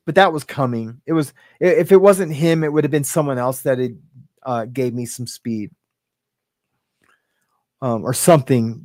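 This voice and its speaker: A middle-aged man, a podcast guest, tells a personal story in a mid-range, somewhat mellow voice with no room sound. He rambles with lots of "right?" and "like," becoming emotional and close to tears.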